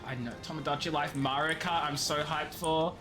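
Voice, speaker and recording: A man, chatting casually while streaming a game, excitable and quick to laugh. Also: a little high, faint music behind. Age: 20s. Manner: excitable, laughs often, rambling restarts. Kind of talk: casual gameplay chat.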